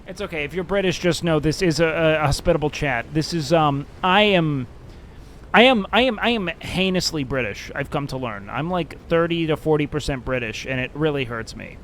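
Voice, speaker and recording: A man's voice: a little high, normal speed, fairly bright tone, slight background noise. A man streaming a game and chatting casually, joking and sarcastic, swearing freely. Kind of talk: casual gaming stream chat.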